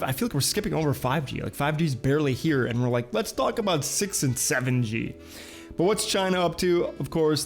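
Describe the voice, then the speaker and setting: A man's voice: on the high side, darkish tone. A man hosting a casual video show, reading headlines and chatting with lots of filler uhs. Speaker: host.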